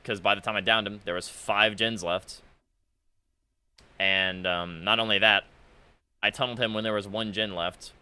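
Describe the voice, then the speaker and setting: Exasperated young man with a bright voice. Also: fairly low pitch, clean tone. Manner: exasperated, sarcastic, mocking. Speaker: gaming content creator. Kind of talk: casual commentary reading chat messages.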